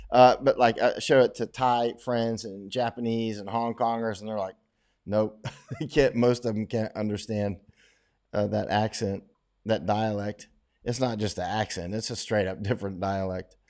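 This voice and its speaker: With a lowish, darkish voice, a middle-aged man hosts a laid-back livestream. He reads viewer questions and answers them in a rambling, opinionated way, restarting his sentences often.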